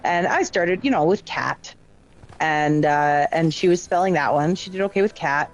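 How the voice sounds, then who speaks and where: A middle-aged woman chatting casually with friends while playing a game, telling stories in a lively, chatty way. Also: deep voice, moderate pace. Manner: chatty storytelling, lively retelling of exchanges. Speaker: parent and gamer. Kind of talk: casual chat while gaming.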